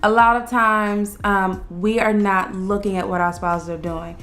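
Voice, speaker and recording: A woman's voice: medium pitch, fairly even intonation, fairly bright tone. Woman co-host, earnest advice-giver, explains step by step, faint music under the talk. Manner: earnest, explains step by step, slows down on key words. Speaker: co-host of a couples channel. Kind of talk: casual relationship advice chat.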